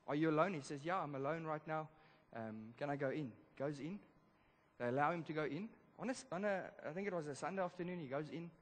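A man's voice: a little high, quick pace. Man preaching in a reverberant hall. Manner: animated storytelling, swings from loud to hushed. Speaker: pastor. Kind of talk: sermon storytelling. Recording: long church hall reverb.

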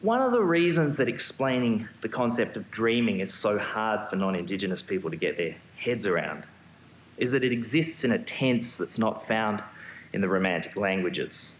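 A man, a museum curator, giving a prepared symposium talk on stage, measured with occasional ums and restarts. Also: fairly low pitch, lively intonation. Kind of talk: prepared lecture. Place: auditorium stage. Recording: echoey hall, faint hum.

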